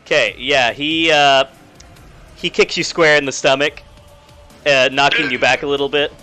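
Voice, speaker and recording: A young man narrating as game master of a tabletop game, casual and halting with lots of fillers. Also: mid-range voice, fairly even intonation, bright, forceful tone, soft background music.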